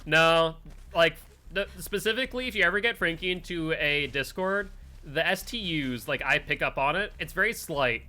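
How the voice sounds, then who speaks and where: Bright-voiced chatty male streamer. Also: a little high, animated, normal speed. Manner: chatty, filler-heavy, talks to chat and friends. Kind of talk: casual live-stream chat while gaming.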